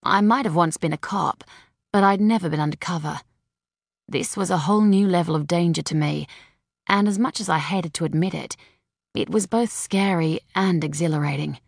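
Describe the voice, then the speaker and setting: A woman reading a first-person novel aloud as an audiobook narrator, in a steady, dry storytelling manner. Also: lowish voice, moderate pace, creaky, dry recording.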